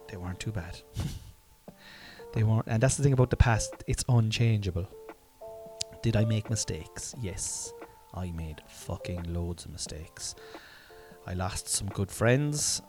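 A man's voice: lowish voice, a little slow, a little mellow, faint music behind. Rambling, self-mocking Irishman in his forties. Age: 40s. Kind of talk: casual rambling monologue.

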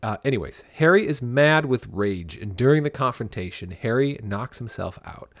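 Animated man recapping comics, dry sound. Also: mid-range voice, normal speed, dry recording. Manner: animated summarizing, laughs often. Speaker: podcast co-host. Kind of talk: casual comic book podcast chat.

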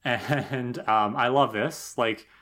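A man co-hosting a podcast, analysing a TV episode in relaxed chat, thinking aloud with frequent "like" and "right?". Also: medium pitch, takes it slowly. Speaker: podcast co-host.

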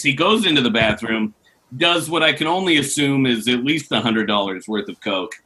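A man telling a long, animated story on a podcast, laughing often as he goes. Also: on the high side. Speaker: podcast co-host. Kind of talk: casual storytelling.

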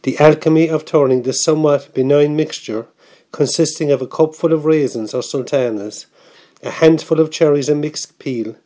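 Mellow man reading fondly. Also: a little high, normal speed. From Cork, Ireland. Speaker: author reading his piece. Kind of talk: reading a memoir piece.

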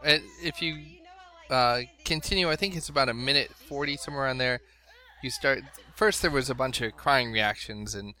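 Bright-voiced animated middle-aged man. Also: medium pitch, normal speed. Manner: animated storyteller, laughing asides. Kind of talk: casual chat.

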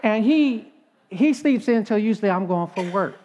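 A man voicing a confused older woman in a joke, speaking haltingly and drawn out. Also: high voice, expressive, a little mellow, a little hiss or hum. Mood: muddled. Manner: halting, drawn-out, hesitant speech. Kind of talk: joke told in a sermon.

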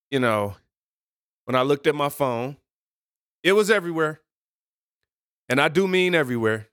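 A man's voice: on the high side, fairly bright tone, clear, resonant tone, no room sound, studio quality. A man hosting his own podcast, talking casually on his own, rambling and correcting himself with playful asides. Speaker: podcast host. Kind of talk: casual solo podcast talk.

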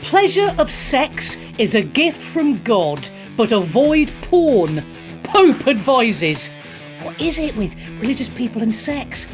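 A woman's voice: a little high, very animated, slow pace, faint music behind. A woman giving a sarcastic radio opinion segment in a mocking, exasperated way. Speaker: radio commentator.

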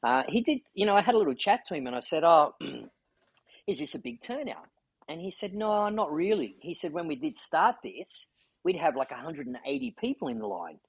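A man's voice: on the high side, very animated, normal speed, creaky, husky, no echo, low-quality recording. A man hosting a podcast, telling a story in an earnest, heartfelt way. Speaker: podcast host. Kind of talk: casual chat.

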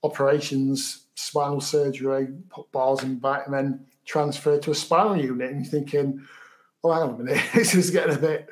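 Halting man telling his story. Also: mid-range voice, fairly even intonation, slight background noise. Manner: halting, repeats words, matter-of-fact. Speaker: guest. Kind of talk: storytelling in an interview.

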